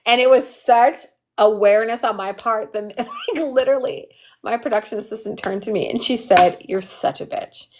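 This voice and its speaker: A young adult woman hosting a live workshop, chatting casually and telling an animated family story full of quoted voices. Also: a little high, moderate pace, slight background noise. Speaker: workshop host. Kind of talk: casual livestream chat.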